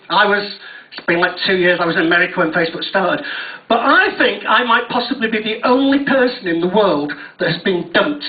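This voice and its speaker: A young man working through a stand-up set, swearing freely and poking fun at himself. He sounds distant from the mic, with the hall's echo ringing around him. The whole thing comes through thin and tinny, like it was caught on a phone. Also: high-pitched. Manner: self-mocking, sweary, admits nerves. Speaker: stand-up comedian. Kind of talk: stand-up comedy routine. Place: on stage at a university venue. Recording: tinny, distant, echoey live recording.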